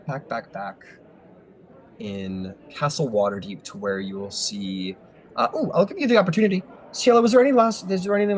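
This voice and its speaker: A man's voice: on the high side, rough recording. A man narrating as game master, rambling and hedging with lots of fillers.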